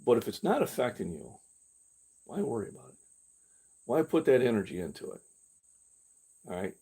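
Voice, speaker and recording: Speaking at normal speed with big pitch swings around a medium pitch, this older fitness channel host sounds warm and slightly rough. His live-stream is candid and rambling, with frequent restarts and mocking impressions of how he used to react. He records on a camera he carries himself.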